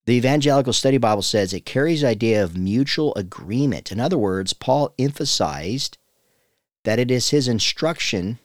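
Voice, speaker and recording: A man's voice: medium pitch, expressive, moderate pace, no room sound, studio quality. A man teaching as a pastor on a Bible podcast, earnest and conversational, often restarting his sentences.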